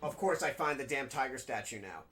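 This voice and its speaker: A man's voice: mid-range voice, expressive, fairly quick, fairly bright tone, a little hiss or hum. A man playing a video game and chatting casually, rambling and frank, with frequent swearing. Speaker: gaming streamer. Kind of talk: casual commentary while playing.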